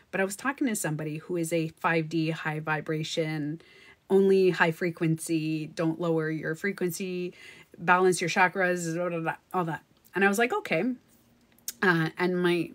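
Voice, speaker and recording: A woman hosting a casual livestream, talking in a chatty, animated way, often laughing and acting out what others said. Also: on the low side. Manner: chatty and animated, breaking into laughter and acted-out quotes. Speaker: livestream host.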